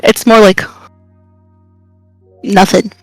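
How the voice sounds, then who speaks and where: A chatty woman with a New York accent, talking in a loose, teasing way on a stream. Her pitch sits in the middle. Faint music plays behind her. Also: flat delivery, extremely slow, dry recording, rough recording. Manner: chatty, teasing, laughs often. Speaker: streamer and mother. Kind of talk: casual stream chat.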